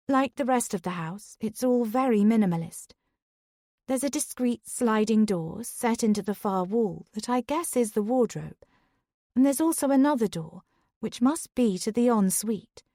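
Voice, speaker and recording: A woman narrating a thriller audiobook in the first person, in a steady, conversational reading voice. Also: a little high, dry recording, studio quality.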